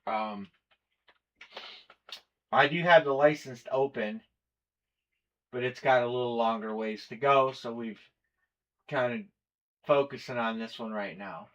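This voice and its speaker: A man's voice: mid-range voice, unhurried, long pauses, dull audio. A man hosting a live collectibles stream, chatting casually and running through a list of players and teams. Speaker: stream host. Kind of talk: live breaking stream chat.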